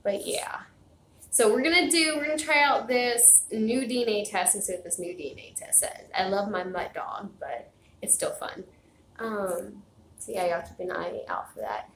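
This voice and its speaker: A woman's voice: medium pitch, normal speed, a bit bright, echoey room, a little hiss or hum, low-quality recording. A woman chatting casually to her viewers at home, rambling with lots of fillers and restarts. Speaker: vlogger. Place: home, indoors. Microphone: phone camera.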